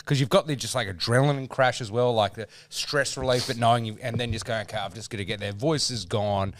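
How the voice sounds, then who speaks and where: A man's voice: mid-range voice, fairly even intonation, fast, slight background noise. An Australian man co-hosting a sports podcast, rambling and self-deprecating with lots of fillers. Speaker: podcast co-host. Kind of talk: casual sports betting chat.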